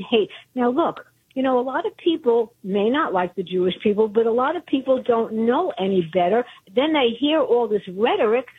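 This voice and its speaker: Husky Brooklyn woman on a phone line. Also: fairly high pitch. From Brooklyn, New York. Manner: chatty, earnest. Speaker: caller.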